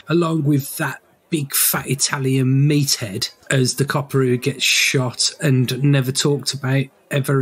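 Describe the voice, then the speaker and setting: A man's voice: medium pitch, husky. A man co-hosting a podcast in casual, teasing banter. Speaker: podcast co-host. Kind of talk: casual chat.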